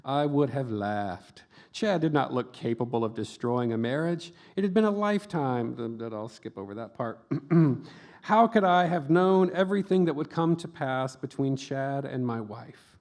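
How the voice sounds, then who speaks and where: A middle-aged man reading his own memoir aloud at a book festival, delivering dark comic lines deadpan and breaking off for brief offhand asides. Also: medium pitch, moderate pace. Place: book festival event before an audience.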